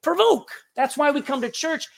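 A man's voice: very high-pitched, lively intonation, normal speed, vocal fry. A man with a Texan accent preaching a sermon as pastor of his church, emphatic and repeating words, calling out to the congregation. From Texas. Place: church sanctuary.

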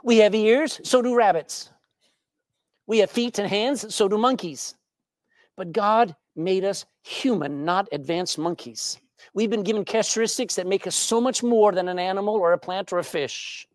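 A woman preaching a sermon, animated and questioning her congregation, with jokes and anecdotes along the way. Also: medium pitch, moderate pace, dry recording, studio quality. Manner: tells jokes and anecdotes with a laugh.

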